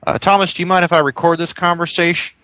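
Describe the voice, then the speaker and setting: A man's voice: high voice, flat delivery, fast talker, pushed and bright, no room sound. A man playing a tabletop game as an investigator, talking playfully and correcting himself often. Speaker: player.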